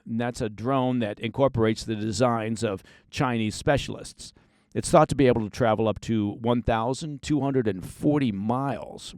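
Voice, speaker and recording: A man's voice: mid-range voice, darkish tone, no room sound. A man hosts a daily news briefing podcast, moving from straight reading into sardonic commentary. His voice sits in an ordinary middle range. The recording is dry and close, with no room sound. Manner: sardonic asides.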